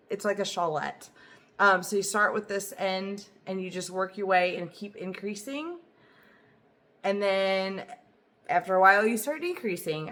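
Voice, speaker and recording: Woman, knitting vlog host, casual chat to camera, enthusiastic, filler-heavy, mid pitch. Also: fairly bright tone. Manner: chatty and enthusiastic, lots of "um" and "like". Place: home, indoors.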